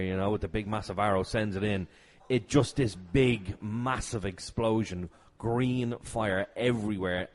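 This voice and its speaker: A man chatting as a podcast guest, eagerly retelling scenes and shouting out quoted lines. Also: lowish voice. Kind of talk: casual chat.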